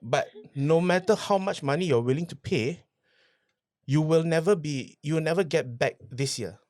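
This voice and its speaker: A man's voice: fairly high pitch, moderate pace, dry recording. Man telling a business story, dry sound. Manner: animated, repeats phrases for emphasis, asks rhetorical questions. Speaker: podcast guest, entrepreneur. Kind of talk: casual interview storytelling.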